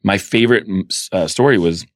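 A man interviewed as a filmmaker, telling anecdotes with animated energy and acting out the voices of the people in them. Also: low voice, fairly quick, no echo, studio quality. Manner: animated storyteller, acts out quoted voices. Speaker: guest filmmaker. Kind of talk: casual interview storytelling.

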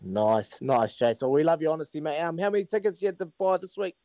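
A man's voice: a little high, very animated, quick pace, dark tone, no room sound. Kiwi radio guy, enthusiastic, matey, lots of laughing, dry close sound. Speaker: radio breakfast show host. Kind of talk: casual radio banter.

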